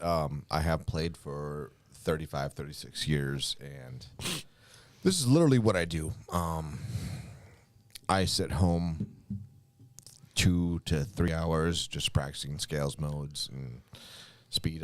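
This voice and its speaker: A man's voice: very deep voice, no room sound. A man who teaches guitar, talking as a guest in a casual podcast chat, blunt and swearing freely. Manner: profane, blunt, quick bursts.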